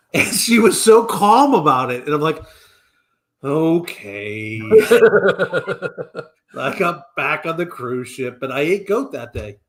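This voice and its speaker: Upbeat man telling lively stories. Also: on the high side, takes it slowly, pauses often. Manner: animated anecdotes with chuckles. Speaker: co-host of a real estate live stream. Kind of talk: casual storytelling chat.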